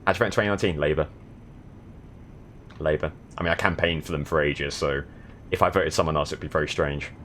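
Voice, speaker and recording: A man's voice: rumbling low, steady tone, fast talker, long pauses, a bit bright, a little hiss or hum. A young man from the south of England chatting casually while streaming a driving game, with dry, sardonic commentary. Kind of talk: casual gaming stream chat.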